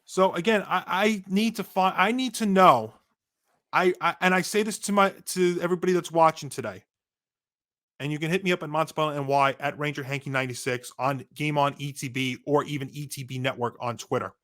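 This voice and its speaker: A man co-hosting a sports podcast, ranting in a casual, animated way with frequent restarts, his voice going hoarse. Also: a little high, fast. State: losing his voice. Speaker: podcast co-host.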